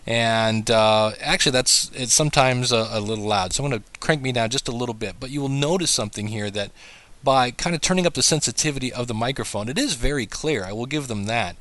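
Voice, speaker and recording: A man's voice: medium pitch, brisk, a bit bright, no room sound. A man casually demonstrating and testing cheap microphones as a podcast teacher. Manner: conversational, testing gear aloud.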